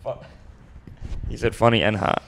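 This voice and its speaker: A man co-hosting a comedy podcast, chatting casually in a deadpan way and reading messages aloud. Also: lowish voice, moderate pace, vocal fry, a little hiss or hum. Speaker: podcast co-host. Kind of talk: casual banter.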